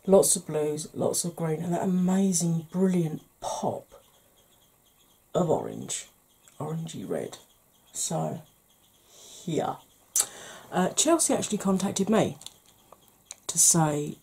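A woman in her forties hosting a chatty makeup vlog, talking in a self-deprecating, animated way. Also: deep voice, slow pace, creaky, long pauses, slightly rough. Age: 40s. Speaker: beauty vlogger.

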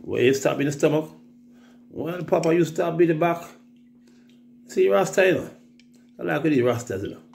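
A man's voice: fairly high pitch, animated, moderate pace, creaky, long pauses, a little mellow. A Jamaican man telling rambling, profane stories in casual chat, often mimicking other people's voices. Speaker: reggae artist telling stories on a livestream.

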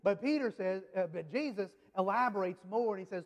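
Pastor, male, high voice, chatty sermon delivery, lots of restarts, live church reverb. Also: a little fast, few pauses. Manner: conversational, repeats words and restarts, speaks directly to the congregation. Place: church sanctuary.

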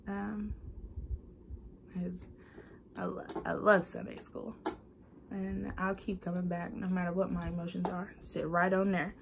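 A young woman records a heartfelt video diary, speaking slowly and earnestly with plenty of pauses and restarts. Her voice has a gravelly, creaky texture, and a faint ambient hiss sits beneath it. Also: fairly low pitch, level tone. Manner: earnest, confiding, many fillers and restarts.

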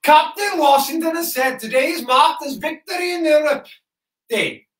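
A Welsh man hosting a live interactive children's broadcast in character as a soldier, excitable, shouty and chatty with the viewers. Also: very high voice, normal speed. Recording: roomy echo.

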